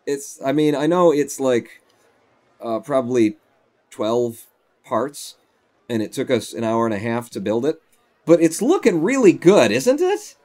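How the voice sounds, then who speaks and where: A man's voice: medium pitch, measured pace, pauses often, darkish tone. A man chatting casually on a live stream at home, rambling as he tells stories while playing.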